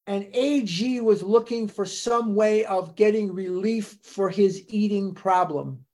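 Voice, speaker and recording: An older speaker at a recovery fellowship gathering, telling its early history in a deliberate, storytelling way and dwelling on dates and names. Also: medium pitch, a little mellow.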